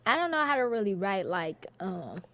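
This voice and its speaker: A woman's voice: medium pitch, sing-song, moderate pace, pushed and bright. A woman comedian, chatting casually in an interview and laughing often. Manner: laid-back, laughs often, storytelling. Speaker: comedian guest.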